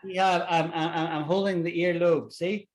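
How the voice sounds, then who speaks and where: A man's voice: a little high, fairly even intonation, a little hiss or hum. A man from Britain teaching an online English lesson, patiently repeating words to show how they sound. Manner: patient, repeats words slowly to model pronunciation.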